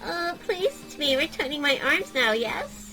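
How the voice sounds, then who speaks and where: A woman's voice: sits high, very animated, moderate pace, bright, forceful tone, soft background music, pitched above the performer's own voice, heavily acted, poor audio. A woman voicing a shy, pleading young undead skeleton girl with a polite, slightly awkward way of talking.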